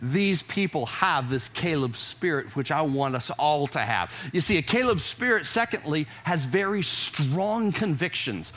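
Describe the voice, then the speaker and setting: A male pastor preaching a sermon to a live congregation, his voice high and bright. He talks in an emphatic, conversational way and often restarts his phrases as he builds a point. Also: animated, measured pace, hardly any pauses. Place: church service before a congregation.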